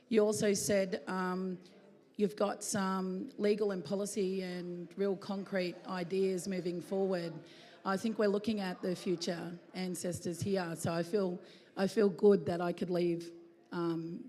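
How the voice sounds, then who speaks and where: A woman's voice: on the low side, darkish tone. A woman in the audience offering encouraging remarks to a panel, hesitant with fillers. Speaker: audience member commenting on a panel. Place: conference hall at a climate summit. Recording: long hall reverb.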